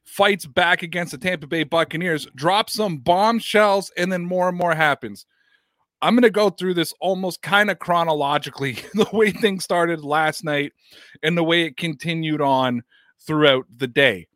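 A man's voice: a little high, normal speed, dry recording, studio quality. A man hosting a sports podcast, chatting casually about football news, reading statements aloud and asking rhetorical questions. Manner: animated, reads quotes aloud, rhetorical questions.

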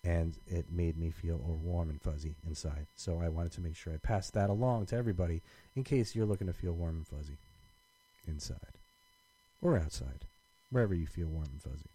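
Low, mellow-voiced man rambling on a podcast. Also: fairly quick, breathy edge, no echo, low-quality recording. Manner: rambling, many restarts and fillers. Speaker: podcast co-host. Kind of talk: casual chat.

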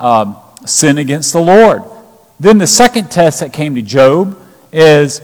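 A man preaching a sermon, retelling scripture and acting out the quoted lines with emphasis. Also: fairly high pitch. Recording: long reverb of a large hall.

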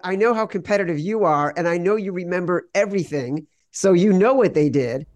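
A man's voice: sits high, brisk, a little mellow, dry recording. A man co-hosting a sports betting podcast, arguing his picks in a wry, insistent way. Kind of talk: casual sports betting debate.

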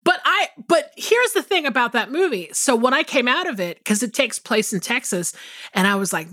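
A woman co-hosting a casual chat show. Her high voice sounds bright and forward, and she rambles from one thought to the next with plenty of "like" and "I mean." She swears easily. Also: normal speed. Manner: rambling, animated, swears freely, many fillers. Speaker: podcast co-host.

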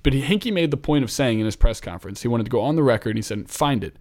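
A man's voice: mid-range voice, animated, very fast, darkish tone. A man from Philadelphia hosting a casual basketball talk show, chatty and rambling as he thinks aloud. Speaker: basketball podcast host.

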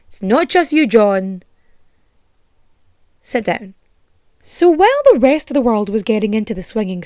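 A woman's voice: fairly high pitch, no echo, clean studio sound. A woman with an Irish accent hosting a casual storytelling podcast, sarcastic and sweary, ranting with indignation. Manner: animated and indignant. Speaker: podcast host.

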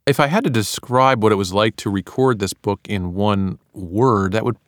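A man's voice: fairly low pitch, moderate pace, dry recording, clean studio sound. A man, an author and part-time radio analyst, talking casually and loosely about recording his audiobook, with plenty of "you know" fillers.

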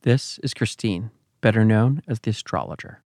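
A man giving measured, scripted documentary narration. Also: lowish voice, dry recording, clean studio sound. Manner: measured, even storytelling delivery.

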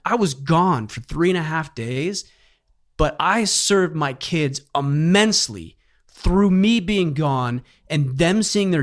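A middle-aged man hosting a podcast, telling personal stories in an earnest, heartfelt way in casual conversation. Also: fairly high pitch. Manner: earnest storytelling, emotional at times. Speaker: podcast host.

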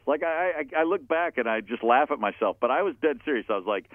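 A man's voice: mid-range voice, fast talker, no echo. Tinny-sounding man telling a wild story. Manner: animated, profane storyteller who laughs at himself. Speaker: musician guest. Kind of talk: casual anecdote telling. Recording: tinny phone-like dry sound.

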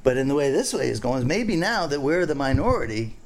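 A man's voice: mid-range voice, big pitch swings, fairly quick. A man who is a fishing guide, hosting a casual podcast chat and rambling through jokes and stories. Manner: rambling, joking, storytelling.

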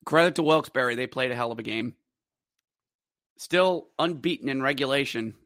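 A man's voice: mid-range voice, normal speed, fairly bright tone, no echo, clean studio sound. A man hosting a fan podcast, recapping hockey games in play-by-play style with wry, bitter sports-fan humor. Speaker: podcast host.

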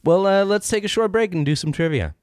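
A man's voice: high voice, fairly quick, clean tone. A man hosting a podcast, chatting casually and laughing often. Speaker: podcast host. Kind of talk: casual chat.

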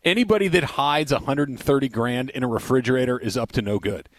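A man's voice: medium pitch, quick pace, no echo, studio quality. A man in his forties co-hosting a radio show, chatting casually and acting out little scenes. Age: 40s. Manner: animated storyteller, acts out menacing voices. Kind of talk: casual sports-radio banter.

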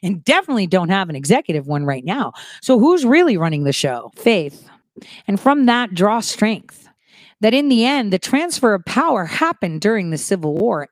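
A woman giving a casual political monologue as an online commentator, animated, moving from soft asides to emphatic rises. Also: mid-range voice, no room sound, clean studio sound.

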